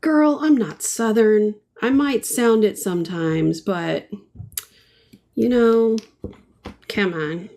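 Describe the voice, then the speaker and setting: A woman's voice: medium pitch, slow pace, long pauses, warm tone. A middle-aged woman giving a casual live painting tutorial, chatty and full of ums as she answers viewers' comments while she works. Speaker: painting instructor.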